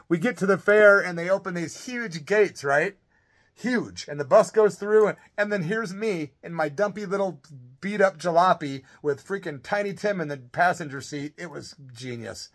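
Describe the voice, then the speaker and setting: A middle-aged man, a former rock musician, telling a rambling, animated story in a casual vlog. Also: on the high side.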